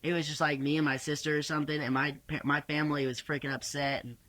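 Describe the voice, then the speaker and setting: A young man, a podcast guest, telling rodeo stories casually with energetic, profane, stumbling restarts. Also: a little high, fast. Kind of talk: casual storytelling.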